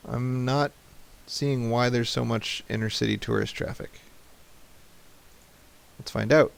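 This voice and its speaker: Gravelly man joking through gameplay. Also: medium pitch, fairly even intonation, measured pace, pauses often. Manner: joking, talks to the game. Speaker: let's play host. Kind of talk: casual gameplay commentary.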